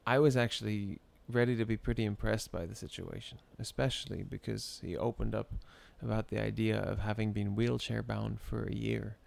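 A man telling a story in casual chat, animated and often breaking into laughter. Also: lowish voice, moderate pace, gravelly, few pauses.

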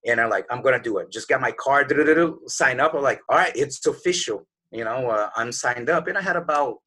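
Husky earnest man in his forties. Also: mid-range voice, fairly quick, pushed and bright. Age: 40s. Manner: earnest, conversational, acts out his own inner voice. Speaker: podcast guest. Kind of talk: casual motivational storytelling.

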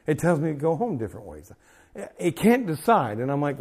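A middle-aged man preaching a sermon to a small group, moving between quiet asides and loud, emphatic passages. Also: on the high side, fairly quick, husky. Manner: animated, swings from soft asides to loud emphatic peaks. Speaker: pastor. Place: small gathering room.

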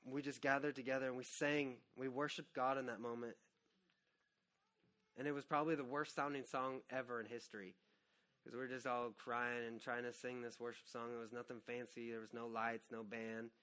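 A man in his thirties, a pastor preaching an earnest, personal sermon that swings from hushed to loud. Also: medium pitch, level tone, moderate pace.

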